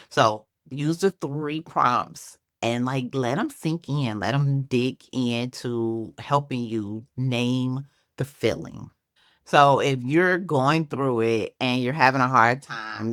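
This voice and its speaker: Low-voiced Chicago woman, chatty. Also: a bit bright, no echo, studio quality. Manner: conversational, frequent "like" and "right?" tags. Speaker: faith-based self-help speaker. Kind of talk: casual talk to camera.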